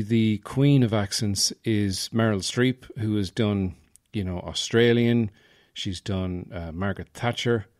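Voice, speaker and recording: A man's voice: lowish voice, a little mellow. A man hosting a solo podcast, chatting casually and rambling from thought to thought. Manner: rambling, meandering, many fillers and restarts. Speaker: podcast host.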